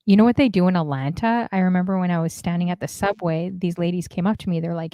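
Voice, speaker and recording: A woman co-hosting a casual dating talk stream, chatting and telling stories in an animated way. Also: lowish voice, quick pace, dry recording, clean studio sound. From half Indian. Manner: chatty, animated storytelling with laughs. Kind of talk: casual chat.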